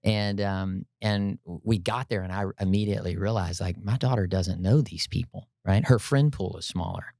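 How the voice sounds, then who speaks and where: A lower-pitched man spins an animated, humorous story for his listeners, drawing them in with frequent "right?" and "you know" asides. His voice sits close and dry in the recording, with no room sound around it. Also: moderate pace, gravelly, few pauses, no room sound. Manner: energetic, peppers talk with "right?" and "like, you know"; addresses listeners directly, folksy and humorous. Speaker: podcast guest telling a personal story.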